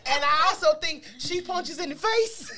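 A middle-aged woman, co-hosting a podcast and telling stories in lively, laughing casual chat. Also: slow pace, very noisy. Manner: animated storyteller, swings high and loud when laughing. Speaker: podcast co-host.

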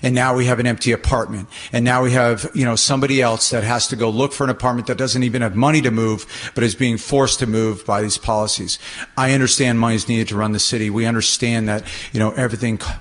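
Male property manager, public comment, earnest and formal, average pitch. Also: steady tone, fast talker. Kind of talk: public comment at a city council meeting.

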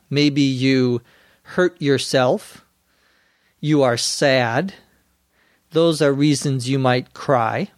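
A man teaching English on a podcast, explaining words slowly and clearly, spelling some of them letter by letter, with a dry sense of humor. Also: fairly high pitch, no room sound.

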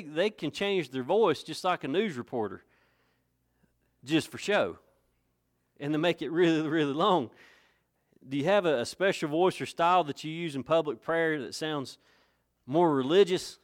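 A man preaching a sermon in a folksy, conversational way, rising to emphatic points. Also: a little high. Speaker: pastor.

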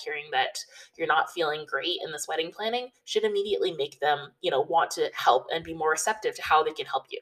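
A woman giving casual, relaxed wedding planning advice, talking chattily with lots of "you know" and "like". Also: low voice, recorded from a distance, low-quality recording. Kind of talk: casual advice talk to camera.

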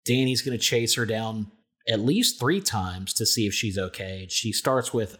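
A man's voice: fairly low pitch, measured pace, fairly bright tone, slightly rough. A man co-hosting a podcast, recapping episodes in a casual, joking way and acting out characters' lines. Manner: jokey, acts out characters' lines. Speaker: podcast co-host.

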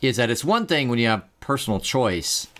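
A man with a mid-range voice co-hosts a podcast in easygoing conversation. He speaks in a measured, reflective way when he makes a point. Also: medium pitch, big pitch swings, a bit bright. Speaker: podcast co-host. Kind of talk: casual podcast chat.

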